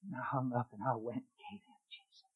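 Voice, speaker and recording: A middle-aged man preaching, telling a testimony in a dramatic way that swings from loud exclaiming to a hushed near-whisper. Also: medium pitch, steady tone, fairly quick, slightly rough, narrow, tinny audio. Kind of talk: sermon testimony storytelling.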